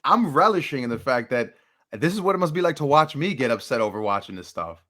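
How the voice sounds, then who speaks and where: A man's voice: mid-range voice, sing-song, quick pace, bright, forceful tone. A man co-hosting a wrestling podcast in casual chat who teases his co-host playfully. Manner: playful teasing, laughs along.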